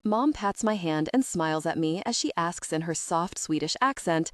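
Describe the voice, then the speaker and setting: Female audiobook narrator, first person, reflective, lower pitch, dry studio sound. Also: normal speed, hardly any pauses, no echo.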